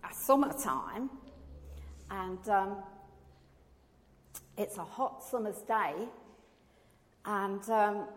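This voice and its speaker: A woman telling a personal faith testimony in a chatty way, acting out the voices of the people in her story. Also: mid-range voice. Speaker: churchgoer giving a testimony. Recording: long echoey reverb.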